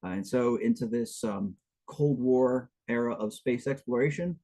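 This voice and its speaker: A man's voice: medium pitch, moderate pace, warm tone, poor audio. A man narrating as game master for a tabletop game, chatty and loose, full of fillers and asides.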